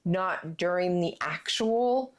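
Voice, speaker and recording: A woman's voice: on the low side, takes it slowly. A woman hosting a casual crafting chat, talking in a chatty way with lots of fillers. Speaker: channel host.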